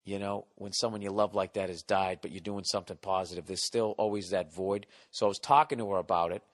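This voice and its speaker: A man's voice: low voice, steady tone, fast talker, big-room sound. A man hosting a podcast, telling a comic story in a profane rant and acting out his own outbursts. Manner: ranting, swears constantly, acts out his own outbursts. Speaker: podcast host. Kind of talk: profane comedic storytelling monologue.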